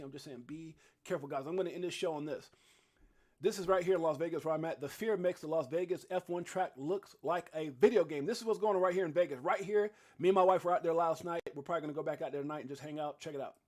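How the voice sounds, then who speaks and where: A man hosting a casual crypto livestream, talking in an animated, rambling way full of restarts and fillers. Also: on the high side. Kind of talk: casual live-stream chat. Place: home studio in Las Vegas.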